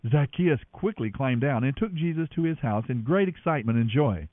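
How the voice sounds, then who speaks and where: Expressive male scripture reader, phone-thin. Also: mid-range voice, normal speed, dry recording. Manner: expressive, voices each speaker. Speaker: Bible reader. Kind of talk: dramatic scripture reading. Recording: dry, tinny phone-like sound.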